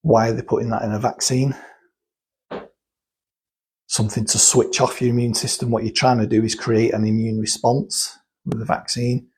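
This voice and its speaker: A man's voice: mid-range voice, level tone, moderate pace, long pauses, darkish tone, husky, low-quality recording. A man talking casually and explaining things step by step, thinking aloud and restarting sentences as he goes. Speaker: guest explaining cosmetic chemicals. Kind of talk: casual chat.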